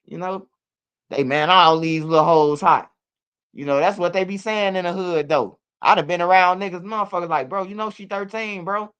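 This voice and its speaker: Man, profane rambling street commentary, higher voice, smooth clean tone. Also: normal speed, fairly bright tone, lo-fi sound. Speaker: online street-news commentator.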